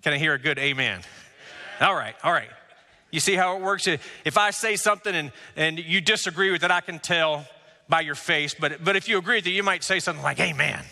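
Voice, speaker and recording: A man preaching a sermon as pastor, emphatic, with rhetorical questions and drawn-out words. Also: high voice, pushed and bright, in a large hall. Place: church sanctuary.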